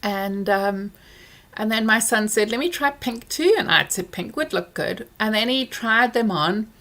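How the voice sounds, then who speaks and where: A middle-aged woman chatting casually to camera at home, recounting a story about her son with candid reflection. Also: unhurried. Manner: candid, reflective, recounts dialogue with lively pitch swings. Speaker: vlogger, parent.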